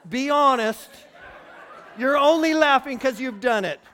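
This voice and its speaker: Man preaching, high voice, animated, acts out quotes. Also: unhurried. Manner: animated, acts out quotes, rises to near shouting. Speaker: pastor. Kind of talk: sermon.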